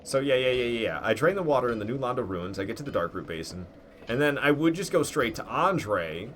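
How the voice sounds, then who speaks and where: A man's voice: mid-range voice, lively intonation, a little fast, fairly bright tone, a little hiss or hum. A man giving rambling live commentary as he plays a game, talking to himself and cursing at his own mistakes. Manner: rambling, self-critical, swears when frustrated. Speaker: gameplay streamer.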